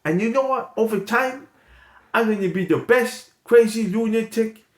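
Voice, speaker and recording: A man with a high voice, speaking at a normal pace, hosts an improv comedy stream and rambles and jokes loosely as he wraps things up. The room is echoey and there's loud background noise.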